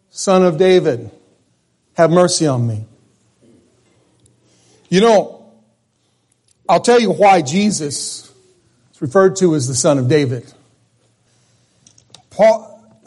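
Male pastor, high-pitched, folksy conversational sermon, lots of restarts. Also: a little mellow.

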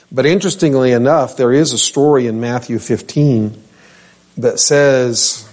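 A male pastor giving a conversational Bible teaching in a church. He talks slowly and at a mid pitch, pausing often and turning to people in the room with questions. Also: a little mellow. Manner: unhurried, addresses listeners by name, asks questions of the room.

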